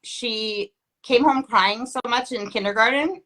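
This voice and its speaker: Canadian lady chatting, rambles and cuts herself off a lot, bright sharp voice. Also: on the high side, measured pace. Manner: rambling, self-interrupting with many likes. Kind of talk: casual chat.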